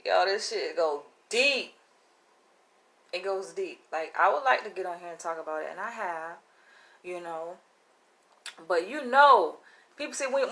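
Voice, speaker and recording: A woman's voice: fairly low pitch, a bit bright. A woman vlogger talking casually to camera in a slangy, emphatic, profane way.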